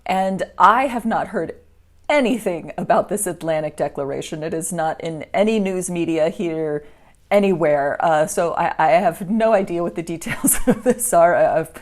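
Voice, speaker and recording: An American woman co-hosting a casual political chat, with dry, deadpan humor. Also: lowish voice, moderate pace. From United States. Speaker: podcast co-host.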